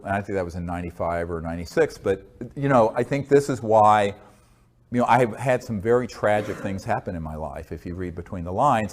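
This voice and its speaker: Male interview guest, low voice, measured and earnest, hesitant with fillers. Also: a little mellow. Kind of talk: earnest conversational storytelling.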